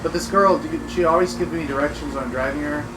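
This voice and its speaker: A man's voice: on the high side, steady tone, fast talker, background noise. A man streaming a video game with a friend, joking and going on mock rants. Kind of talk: casual gaming commentary.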